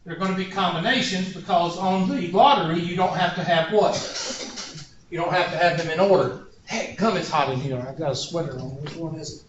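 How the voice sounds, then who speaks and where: In a roomy, dull classroom recording with a noisy background, a man teaches math at a brisk clip, his voice sitting high. His lecture wanders into folksy jokes, anecdotes, and asides.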